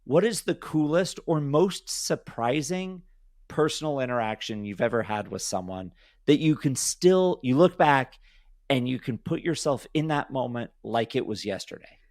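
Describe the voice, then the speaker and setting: A man's voice: medium pitch, animated, normal speed, darkish tone, dry recording, clean studio sound. A male podcast host who interviews a guest in a casual, playful way and often laughs.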